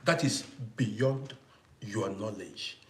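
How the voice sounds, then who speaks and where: A young man talking forcefully to viewers in a casual livestream and thanking them for gifts. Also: lowish voice, extremely slow, roomy sound. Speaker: live stream host.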